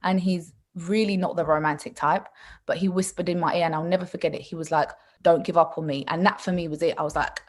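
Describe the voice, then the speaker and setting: A woman's voice: fairly low pitch, steady tone, fast talker. A woman guest in a casual interview, telling personal stories in a chatty way and laughing often. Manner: chatty storytelling with frequent laughs.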